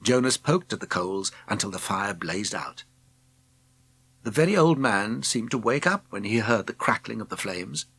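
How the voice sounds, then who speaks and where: A man narrating a children's storybook with expressive, gentle storytelling. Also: fairly low pitch, normal speed, breathy edge, no room sound. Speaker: audiobook narrator.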